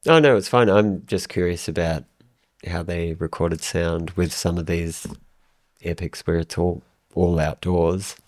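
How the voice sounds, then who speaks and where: A man's voice: low-pitched, fairly even intonation, measured pace, darkish tone, no echo, studio quality. A man from New Zealand, chatting on a podcast in a hesitant, curious way, often answering briefly. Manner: hesitant, curious, short replies. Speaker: podcast co-host. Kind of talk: casual chat.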